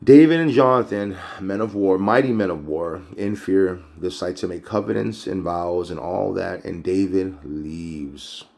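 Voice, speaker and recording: A man's voice: deep voice, moderate pace, creaky, few pauses, a little mellow. A man teaching a casual Bible chapter recap, conversational and a bit preachy.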